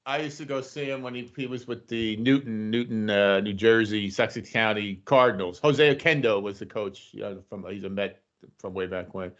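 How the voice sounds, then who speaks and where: A man's voice: lowish voice, moderate pace, lo-fi sound. A man co-hosting a sports podcast, chatting casually with laid-back, agreeable banter. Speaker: podcast co-host.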